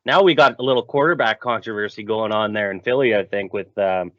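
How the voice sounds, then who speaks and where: A man's voice: fairly low pitch, fairly quick, no room sound. A man co-hosting a casual sports betting podcast, upbeat and laid-back in his banter. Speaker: podcast co-host. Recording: muffled lo-fi podcast mic.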